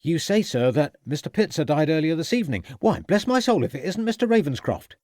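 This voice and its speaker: A cheerful, eager rural constable in a period mystery audiobook, as a male narrator does his voice. He talks brightly and a touch high, deferential and keen to please. The recording is dry and close. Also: sing-song, a little fast, no echo. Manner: respectful, eager, says sir often. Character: cheerful young country police constable.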